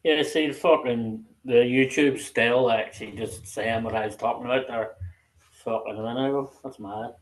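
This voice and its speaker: A man chatting casually on a live stream, his voice sitting at a middling pitch. He rambles and swears at nearly every turn. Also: fairly even intonation, moderate pace. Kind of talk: casual chat.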